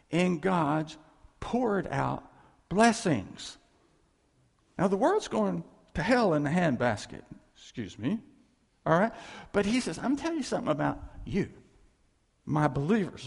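A man preaching a conversational, animated sermon, full of asides and small laughs. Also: on the high side, vocal fry, breathy edge. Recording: echoey hall with long reverb.

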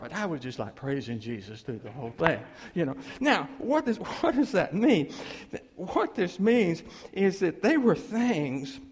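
A man, a pastor, telling a story in a sermon in an animated, folksy way. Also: a little high, husky. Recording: long reverb of a large hall.

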